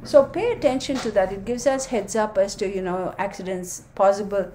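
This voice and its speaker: A woman's voice: medium pitch, moderate pace, warm tone, reverberant, slight background noise. A woman giving a casual tarot and astrology talk, reading dates aloud and chatting with viewers. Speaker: tarot reader.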